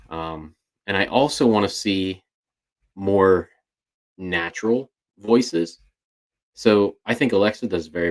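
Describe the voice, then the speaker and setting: A man co-hosting a podcast, chatting casually and thinking aloud with frequent restarts. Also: deep voice. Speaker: podcast co-host. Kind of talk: casual chat.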